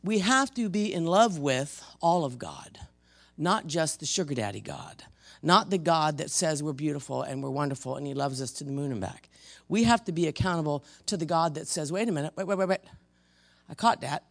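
Pastor preaching in church, gravelly voice, big swings from loud rebuke to quiet and intense. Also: medium pitch, lively intonation, moderate pace. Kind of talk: sermon. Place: church service before a congregation.

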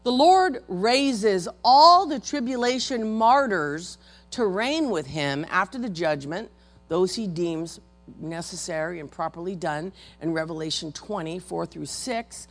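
Lively woman preacher with joking asides. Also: fairly low pitch, a little slow. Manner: animated, folksy, with joking asides to the congregation. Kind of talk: sermon.

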